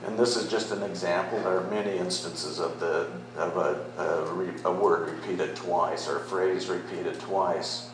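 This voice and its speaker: A man's voice: low voice, fairly even intonation, unhurried, hardly any pauses, heavy reverb, background noise. A middle-aged man preaching a sermon as pastor, conversational and then rising into emphatic declarations.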